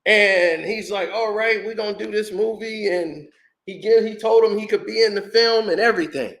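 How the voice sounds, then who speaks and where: Man, high voice, casual storytelling host, animated, echoey room. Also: normal speed. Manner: animated, acts out quotes, laughs often.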